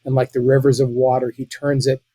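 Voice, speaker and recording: A man's voice: mid-range voice, monotone, a little fast, mellow, no echo. A middle-aged American man giving earnest, impassioned political commentary as a podcast guest, often restarting his sentences. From United States.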